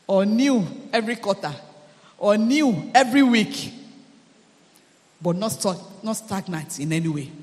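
A male pastor with a high voice delivers an emphatic sermon, piling phrases into rhythmic, repeated lists. His voice rings through a church hall with a long reverberant tail. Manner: emphatic preaching with repetitive, building cadence.

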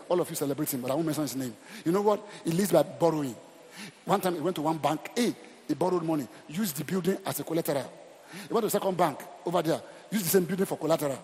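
Animated Nigerian preacher in reverberant church. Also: male voice, a little high. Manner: animated and emphatic, repeats phrases, asks the crowd questions. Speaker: pastor. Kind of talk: sermon. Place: church hall.

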